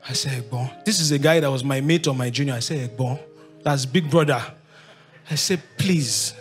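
A man with a Nigerian accent in his thirties, telling his life story to an audience in lively, animated storytelling. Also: brisk, soft background music. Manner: lively, acts out voices of others with big pitch jumps, laughs while telling.

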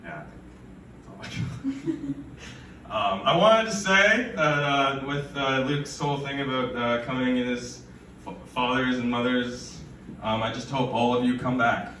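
A man's voice: medium pitch, measured pace, sharp tone. A young man performing a stand-up comedy set with rambling, absurd, stammering delivery at a live event. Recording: roomy, from far off, faint noise.

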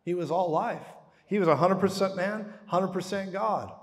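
Male preacher, fairly high voice, animated storyteller who acts out the dialogue, long hall reverb. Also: normal speed. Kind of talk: sermon.

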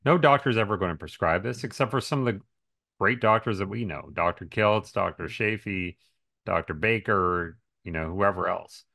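A man's voice: low-pitched, moderate pace, vocal fry, bright, forceful tone. A man in casual podcast conversation, talking emphatically and asking rhetorical questions. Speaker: podcast speaker on diet and health.

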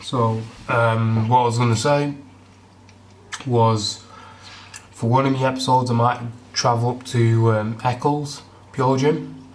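Rambling young man, flat voice. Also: medium pitch, takes it slowly. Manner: chatty, rambling, eats while talking. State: congested from a cold. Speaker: fitness vlogger. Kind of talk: casual vlog chat. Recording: distant camera mic, noisy room.

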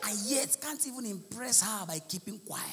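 A Nigerian man with a Nigerian accent doing live stand-up comedy, shouting his punchlines and slipping into Pidgin. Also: high voice, expressive, moderate pace, in a large hall, over music. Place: large live comedy venue with audience.

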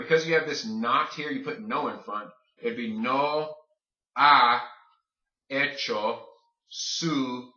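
A man teaching Spanish grammar in a video lesson, explaining each step slowly as he writes it out. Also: mid-range voice, bright, forceful tone. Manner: explains step by step, writing on a board. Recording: roomy, dull lo-fi sound.

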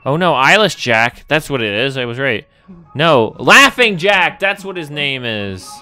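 Over soft background music, a man's mid-range voice comes across animated, pushed and bright at a moderate pace. He's doing let's play commentary, reading each character's dialogue in his own voice and exclaiming when startled.

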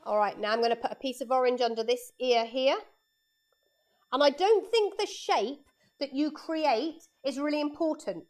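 A woman's voice: high-pitched, normal speed, a little mellow. A woman art teacher giving a live painting lesson for children in her studio, chatting and explaining each step as she draws, speaking into a lapel mic.

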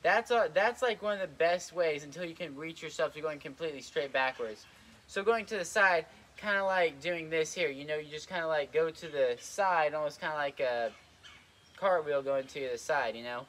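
Young man, high-ish voice, winded, filler-heavy casual how-to. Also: moderate pace, fairly bright tone, a little hiss or hum. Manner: rambling, lots of "like" and "kinda", repeats himself. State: out of breath. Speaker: trampoline tips vlogger. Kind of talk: casual instructional vlog. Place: outdoors on a trampoline.

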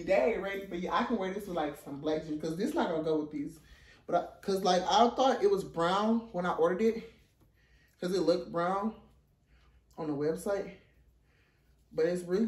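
A young man, filming a casual try-on haul in his dorm room, out of breath, playful and sassy, with excited high squeals. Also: far from the mic. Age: young adult. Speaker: vlogger. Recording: roomy, from off the mic.

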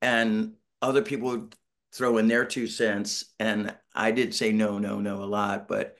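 A man's voice: on the low side, flat delivery, a little slow, fairly bright tone. A middle-aged man talking casually on a video call from home, telling a rambling story and acting out quotes. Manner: rambling storyteller, acts out quotes, self-deprecating. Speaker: band member, interview guest. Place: home, Northern California.

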